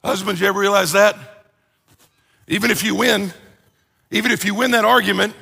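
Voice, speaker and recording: A man preaching a conversational sermon as pastor, animated and joking, acting out everyday complaints. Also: high-pitched, brisk, vocal fry, husky, long reverb tail.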